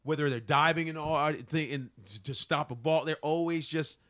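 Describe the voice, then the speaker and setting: A man's voice: fairly high pitch, normal speed. A man, a comedian guest on a podcast, chatting casually, cursing freely and acting out quotes in funny voices. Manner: animated storyteller, acts out quotes in funny voices; swears freely, trails off searching for names.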